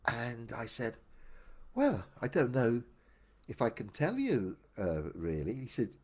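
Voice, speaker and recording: A man's voice: medium pitch, huge pitch swings, unhurried, mellow, slightly rough. An older man telling his own life story in a casual, meandering and reflective way, often restarting his sentences. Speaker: memoir storyteller. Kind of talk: casual first-person storytelling.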